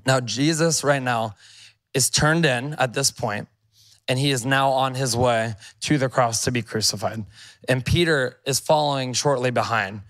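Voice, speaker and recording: A man's voice: medium pitch, measured pace, a bit bright. A male pastor preaching a sermon, reading scripture aloud and commenting on it in a conversational, emphatic way.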